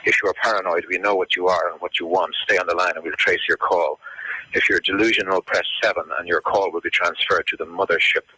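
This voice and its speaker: A man reading a deadpan, calm phone menu as a recorded hotline announcer. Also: sits low, quick pace, slight background noise, rough recording.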